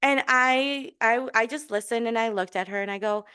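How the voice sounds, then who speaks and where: A woman's voice: on the high side, moderate pace, hardly any pauses, smooth. A middle-aged woman hosting a podcast, telling a casual story and encouraging listeners, laughing often and restarting her sentences. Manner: laughing, chatty, many restarts and fillers; warm and encouraging. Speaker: podcast host.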